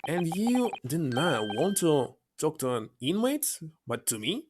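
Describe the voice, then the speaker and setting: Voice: mid-range voice, very animated, measured pace, background noise. A streamer reading a curt, suspicious prison governor. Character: gruff, dismissive middle-aged male prison governor. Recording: loud game music under the voice.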